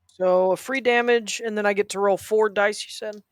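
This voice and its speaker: Need a woman tabletop player with a smooth, resonant voice on a dry close mic, careful and precise. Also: medium pitch, fairly even intonation, normal speed, no echo. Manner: careful, double-checks her numbers. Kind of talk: tabletop game play.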